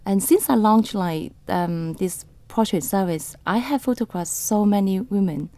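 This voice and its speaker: A woman in her thirties, a photographer on a radio interview, speaking haltingly with restarts and slightly non-native grammar. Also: mid-range voice, mellow.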